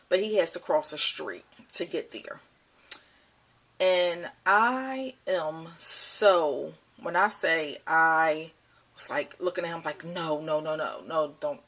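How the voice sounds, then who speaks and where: Choked-up mother, slow husky voice. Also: lowish voice, fairly bright tone. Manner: emotional, halting, repeats herself. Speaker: mother vlogger. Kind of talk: personal vlog talk. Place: at home indoors. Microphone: camcorder built-in mic.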